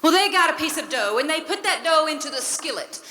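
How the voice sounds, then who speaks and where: A woman's voice: high voice, animated, a little fast, bright, forceful tone. Dramatic woman storyteller. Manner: dramatic, rhythmic, dropping to whispers. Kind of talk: folk tale storytelling.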